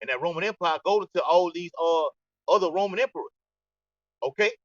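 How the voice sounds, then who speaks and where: A man's voice: high-pitched, brisk, fairly bright tone, no echo. A man teaching a scripture study group in a preaching style. He ends many lines with "okay?" and often stammers and restarts. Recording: distant, dull lo-fi, dry.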